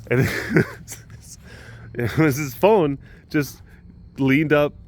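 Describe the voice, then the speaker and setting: A man's voice: on the high side, extremely slow. A man hosting a casual vlog at a big cat facility, telling a story with laughs and cooing fondly at the animals. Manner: chatty, laughing, coos affectionately at the animals. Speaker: animal caretaker and vlog host.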